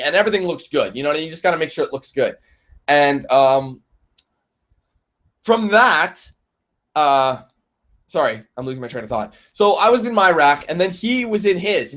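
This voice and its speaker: Rambling animated young-sounding streamer man. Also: a little high. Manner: rambling, animated, swears freely, many fillers and restarts. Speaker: let's play YouTuber answering viewer questions. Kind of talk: casual live-stream Q&A storytelling.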